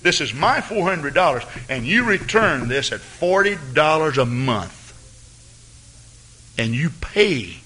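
A man preaching a fervent sermon as pastor of his church, rising to excited peaks. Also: fairly high pitch, slow, breathy edge.

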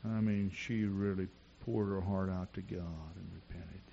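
A man preaching a sermon in a church, telling personal stories and rising to shouts at the climax. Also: sits low, fairly even intonation, a little slow, vocal fry, muffled recording, a little hiss or hum. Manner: storytelling preacher who builds to shouting.

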